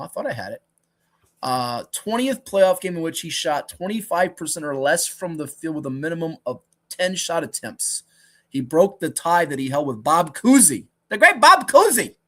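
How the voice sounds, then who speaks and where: A man co-hosting a casual sports talk show, excitable and heavy on stats, often correcting himself. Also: fairly high pitch. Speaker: co-host.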